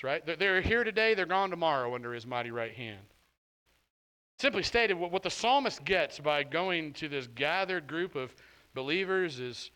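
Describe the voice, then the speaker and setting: Lively, bright-voiced male pastor preaching. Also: fairly high pitch, poor audio. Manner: conversational, animated, acts out quoted voices. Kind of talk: sermon.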